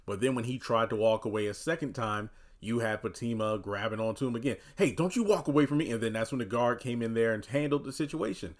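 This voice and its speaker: A man's voice: lowish voice, quick pace, few pauses. A man giving casual commentary on a TV episode, talking loosely with lots of "you know" and "uh". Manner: animated voicing of quoted characters. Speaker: TV recap commentator.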